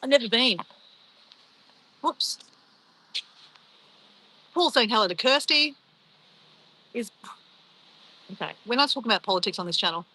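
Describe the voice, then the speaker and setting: A woman's voice: fairly high pitch, animated, measured pace, pauses often, pushed and bright, breathy edge, low-quality recording. An Australian woman chatting casually and bubbly on a travel live stream, reacting to her viewers.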